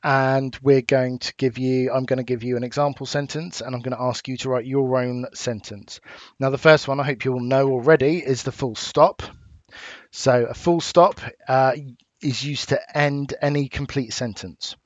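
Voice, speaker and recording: A man with an English accent, a teacher giving a recorded lesson, explaining patiently and clearly with small fillers. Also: mid-range voice, steady tone, normal speed, no room sound. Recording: dull dry home recording.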